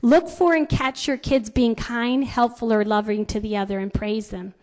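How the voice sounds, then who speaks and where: A woman's voice: a little high, fairly even intonation, normal speed, a little mellow. A woman in her fifties giving a talk on raising children, chatty, telling stories with many fillers and restarts. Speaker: parenting speaker.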